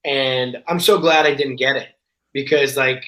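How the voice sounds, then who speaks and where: A man talking as a podcast guest in casual chat, telling stories in an animated way and acting out the voices of the people in them. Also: medium pitch, unhurried. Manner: animated storyteller, acts out quoted voices. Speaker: guest actor. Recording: roomy echo.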